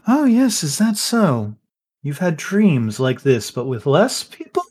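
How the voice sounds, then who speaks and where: Smug courtly fey harpist, put on by a male game master, languid and unhurried. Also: on the high side, huge pitch swings, a little mellow, slightly rough, exaggerated voice.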